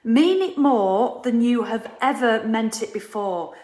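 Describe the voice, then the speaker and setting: A woman's voice: on the high side, expressive, slow, mellow. A middle-aged woman hosting a live self-help session, blunt and emphatic, swearing casually as she coaches. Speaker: gratitude program host. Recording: echoey room.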